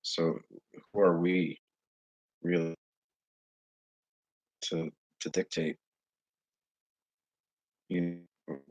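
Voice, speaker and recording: A man talking straight to his viewers in a casual monologue, earnest and halting as he searches for words. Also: low voice, little pitch movement, a little mellow, no echo. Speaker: vlogger addressing viewers. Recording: dull lo-fi recording.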